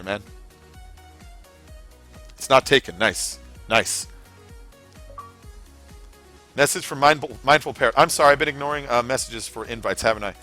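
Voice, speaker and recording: A man's voice: mid-range voice, sharp tone. A man streaming a racing game, rambling casually to his chat viewers with lots of fillers. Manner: rambling, chatty, many fillers, talks straight to chat viewers. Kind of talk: casual live-stream commentary while racing.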